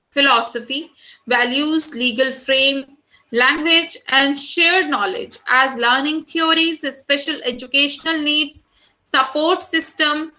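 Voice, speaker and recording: A woman's voice: sits high, bright, forceful tone, low-quality recording. A woman from India with an Indian accent, giving an online lecture, addressing students directly and reading out lists of terms.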